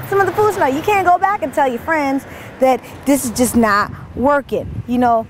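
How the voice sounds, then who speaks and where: Twenties woman comic, fed-up animated monologue, highish voice, faint background hiss. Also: moderate pace. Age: 20s. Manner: animated, exasperated rants. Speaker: comedian.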